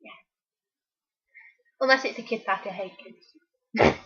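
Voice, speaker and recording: A woman's voice: medium pitch, sing-song, unhurried, a bit bright, husky. A teenage girl chatting casually and giving rambling, opinionated answers full of fillers. The recording is a dull, lo-fi home recording. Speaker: interviewee. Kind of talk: casual chat.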